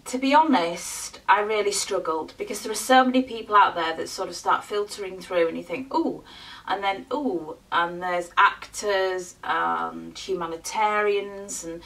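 A woman's voice: mid-range voice, normal speed, gravelly, few pauses, a bit bright, recorded from a distance, rough recording. A woman from the UK chatting casually to camera as a beauty vlogger, rambling a little with frequent ums.

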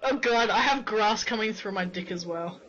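A man chatting casually while playing a game, excitable, crude and giggling often. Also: sits high, moderate pace, highs cut off, over a noisy crowd. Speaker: gamer. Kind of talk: casual gameplay chat.

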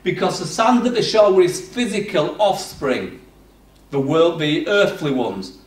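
A man preaching a sermon in a conversational manner, swinging between loud bursts and hushed passages. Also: fairly high pitch, animated, a little slow, distant mic. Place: church hall. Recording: roomy, off-mic church recording.

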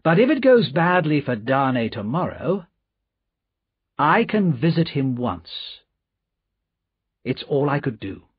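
A man voicing a calm, resolute, smooth-spoken gentleman in a storybook reading. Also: on the high side, no room sound, highs cut off, exaggerated voice. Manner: calm, measured, slow.

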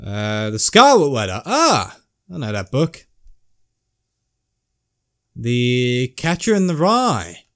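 Slow-talking gamer musing aloud. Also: male voice, medium pitch, huge pitch swings, a bit bright. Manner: slow, musing, swears casually. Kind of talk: let's play commentary.

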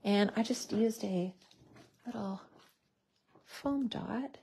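A woman's voice: mid-range voice, takes it slowly, vocal fry, pauses often, mellow, slight background noise. A woman hosting a craft tutorial, chatting casually and gushing over how cute everything is as she works.

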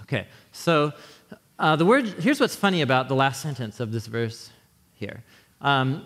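A man preaches to his congregation in an animated, conversational way, restarting phrases and often checking in with his listeners. His voice sits a little high for a man. The sound rings with the long reverb of a church sanctuary. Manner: animated teaching with frequent restarts. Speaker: pastor. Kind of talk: sermon.

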